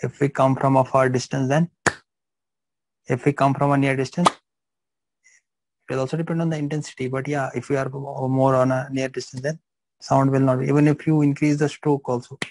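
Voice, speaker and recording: A man's voice: mid-range voice, level tone, normal speed, pauses often, darkish tone, slight background noise, rough recording. A man teaching a live physiology class, repeating phrases and checking that students understand.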